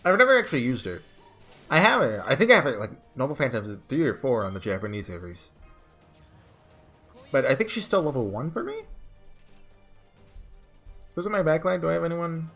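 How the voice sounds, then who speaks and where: A man's voice: fairly high pitch, very animated, brisk, pauses often, fairly bright tone, faint music behind. A man giving chatty let's-play commentary, thinking aloud as he plays. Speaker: gamer.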